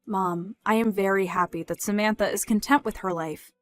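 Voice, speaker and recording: A young woman voicing an independent daughter who speaks in a measured, firm way in a scripted story dub. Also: medium pitch, no echo, soft background music, close to an everyday voice.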